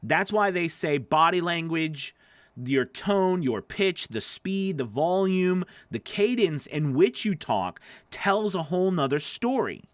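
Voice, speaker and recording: A man teaching audiobook narration in a loose, animated way, acting out sample readings and often restarting his sentences. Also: fairly high pitch, slow, dry recording. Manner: animated, demonstrates readings, many fillers and restarts. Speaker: voice-over coach. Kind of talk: teaching talk to camera.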